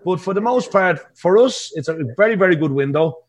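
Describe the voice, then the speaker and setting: A man's voice: sits high, expressive, brisk, slight background noise. A man with an Irish accent, a pub band musician, chatting casually on a podcast and laughing often.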